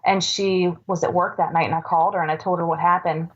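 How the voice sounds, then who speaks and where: A woman in her forties, a podcast guest, earnestly recounting a personal story with halting restarts. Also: fairly low pitch, steady tone, a little hiss or hum. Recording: dull lo-fi recording.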